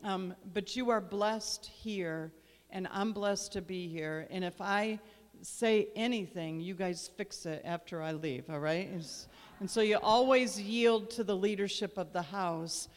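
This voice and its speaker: A woman's voice: medium pitch, a little slow. A woman guest minister praying and preaching with fervent, repetitive, emphatic phrasing in a church. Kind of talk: prayer and sermon. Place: church sanctuary. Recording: long reverb of a large church hall.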